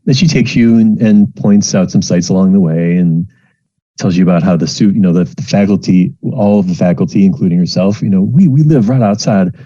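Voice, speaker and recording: Husky, dark-voiced game master. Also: male voice, deep voice, fairly even intonation, a little fast. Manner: rambling with many fillers and restarts. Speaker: dungeon master. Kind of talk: narrating a tabletop game. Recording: muffled lo-fi home recording.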